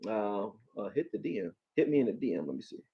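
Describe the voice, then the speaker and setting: A man from Philadelphia with a Philly accent, hosting a live football stream, profane and animated, talking back to his chat. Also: lowish voice, fast talker, gravelly, highs cut off. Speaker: sports streamer.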